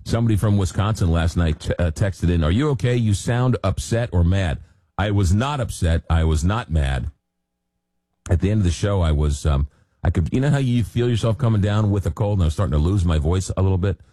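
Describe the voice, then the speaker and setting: A man hosts a late-night talk radio show in a relaxed, rambling way, hunting for words and filling gaps with ums. His voice sits very low and mellow. The studio sound is close and dry. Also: quick pace, no echo. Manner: rambling, searching for words with many fillers. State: recovering from a cold. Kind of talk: casual radio monologue. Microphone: studio microphone.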